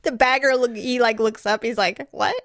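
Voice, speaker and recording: A middle-aged woman co-hosting a podcast, telling funny stories with lots of laughter and squeaky acted-out quotes. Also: fairly even intonation, normal speed, fairly bright tone, dry recording, clean studio sound. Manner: laughs often, acts out quotes in high chirpy voices. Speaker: podcast co-host. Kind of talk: casual chat.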